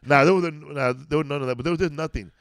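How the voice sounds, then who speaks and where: A man's voice: on the high side, quick pace, no echo, studio quality. A man, co-hosting a podcast and rambling through loose, casual stories, saying "bro" often. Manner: rambling storyteller, peppers talk with "bro" and "dog". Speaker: podcast co-host, comedian. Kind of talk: casual chat.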